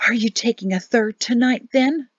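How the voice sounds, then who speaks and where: A woman's voice: on the high side, moderate pace, breathy edge, dry recording, lo-fi sound, voice pushed up. A woman voicing a young man held captive, speaking tense and breathless.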